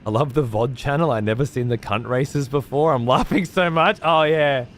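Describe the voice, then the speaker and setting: A man reads viewer messages during a casual live stream, laid-back and swearing freely, dropping slang like "mate" and "cunt." He talks at normal speed with a medium pitch, over a little hiss or hum.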